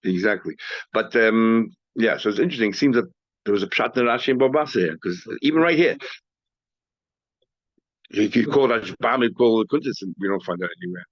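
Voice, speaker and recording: A man's voice: on the low side, expressive, brisk, no room sound. A man teaching a class as a rabbi, explaining a text with frequent restarts and repeated words, recorded dry and dull.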